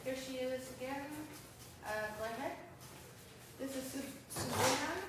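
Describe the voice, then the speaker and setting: An American woman giving a talk at an event, telling stories with animated quoted voices, asking for the next slide. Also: sits high, measured pace, very noisy. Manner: animated storytelling, acts out quotes. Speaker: vegan speaker giving a talk. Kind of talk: conference presentation with slides. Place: event hall at a festival. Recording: echoey hall, distant mic.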